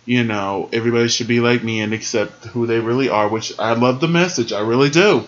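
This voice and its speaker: A man giving a sassy, animated casual recap of a wrestling show, laughing often and jumping into high squeals. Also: a little fast, few pauses, lo-fi sound.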